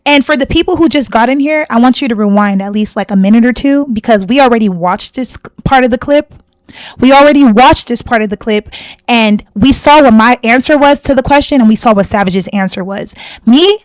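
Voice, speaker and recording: On her reaction video, this host's high-side voice comes a little fast over a dry recording. She's indignant and confrontational, her commentary heated and her points repeated for emphasis.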